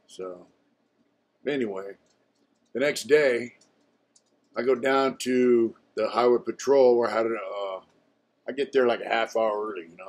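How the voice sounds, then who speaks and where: An older man with a lowish voice tells his own story in a relaxed, offhand way. He talks bluntly and swears here and there. He keeps dropping "you know" between his phrases. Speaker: channel host telling his own story. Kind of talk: casual storytelling to camera.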